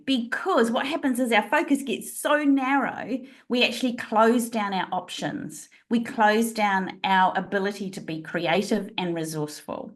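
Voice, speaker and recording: Expressive woman guest with frequent laughs. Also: on the high side, moderate pace, few pauses. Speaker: guest, leadership trainer. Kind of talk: podcast interview.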